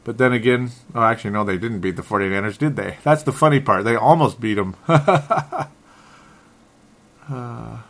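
A man's voice: fairly low pitch, fast, hardly any pauses, a bit bright. A man hosting a solo sports talk show, sounding frustrated and rambling, often stumbling and correcting himself. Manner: restarts and self-corrections. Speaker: sports podcast host.

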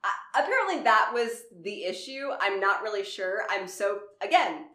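A woman with a Southern accent co-hosting a casual true-crime podcast. She swears a lot, laughs often and talks in an animated way. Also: medium pitch, moderate pace, roomy sound. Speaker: podcast co-host.

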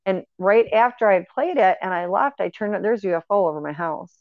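In casual conversational storytelling, a guest recounts her paranormal experiences earnestly and with plenty of fillers and restarts. Her medium-pitched voice is brisk and lively in intonation, recorded in dry, dull lo-fi audio.

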